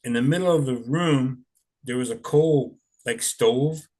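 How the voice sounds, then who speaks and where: A man's voice: mid-range voice, a little slow, darkish tone. An older man telling stories in a rambling, chuckling way, full of "you know"s. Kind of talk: casual storytelling.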